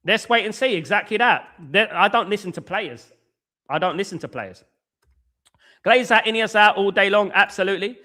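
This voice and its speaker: A man's voice: high voice, lively intonation, moderate pace, pushed and bright. A man hosting a live-stream football talk show, chatting in a repetitive, conversational way and greeting viewers from the chat by name. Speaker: football channel host.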